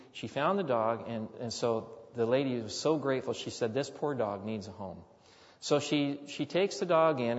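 A middle-aged man preaching, telling a rambling, folksy personal story with rising emphasis. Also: mid-range voice. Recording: dull sound with long hall reverb.

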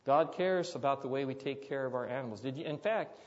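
Animated preacher man in a hall. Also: medium pitch, fairly quick, highs cut off. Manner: animated storyteller, loud acted quotes, drops soft for asides. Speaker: pastor. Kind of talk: sermon storytelling.

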